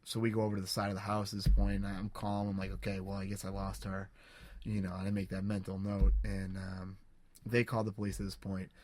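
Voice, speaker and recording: Young man, podcast storyteller, low voice, monotone, full of restarts, dry recording. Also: dry recording. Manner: halting, many restarts and fillers, earnest. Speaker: podcast co-host. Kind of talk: casual storytelling.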